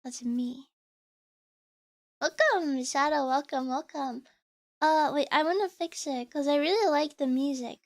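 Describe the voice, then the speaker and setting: A woman's voice: sits high, moderate pace, no room sound, studio quality. A woman streamer chatting casually with her viewers, rambling along with lots of fillers and restarts. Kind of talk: casual live-stream chat. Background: faint background music.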